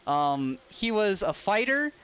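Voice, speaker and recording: A man narrating a tabletop game as dungeon master, relaxed and casual with frequent filler words. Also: high voice, takes it slowly, slight background noise. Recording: dull lo-fi with loud ambient music.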